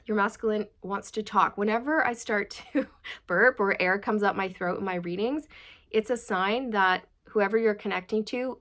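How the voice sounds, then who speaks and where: A woman's voice: mid-range voice, normal speed, a bit bright. A woman giving a casual tarot reading to her viewers, chatty and direct, asking many rhetorical questions. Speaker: tarot reader.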